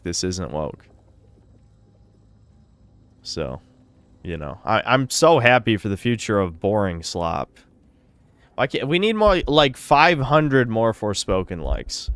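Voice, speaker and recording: Sardonic low-voiced male streamer. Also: a bit bright, no room sound. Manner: sardonic and profane. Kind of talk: live stream chat reading donations.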